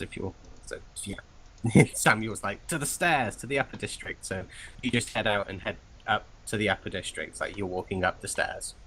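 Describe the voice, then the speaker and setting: A man's voice: on the low side, fairly bright tone, rough recording. A man narrating as game master, casual and hesitant with many fillers.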